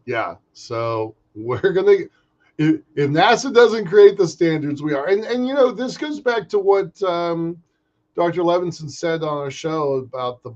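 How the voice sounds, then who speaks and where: Guy co-hosting a space podcast, kinda high voice, lots of uh and restarts, muffled lo-fi sound. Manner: animated, halting with restarts and fillers. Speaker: podcast co-host. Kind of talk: casual chat on space industry news. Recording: muffled lo-fi audio.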